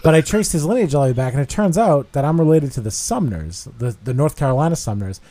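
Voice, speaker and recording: A young man chatting on a podcast, telling a story with plenty of swearing. He gets animated and loud when he acts out what other people said. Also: fairly high pitch, fast. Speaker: podcast host. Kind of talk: casual podcast chat.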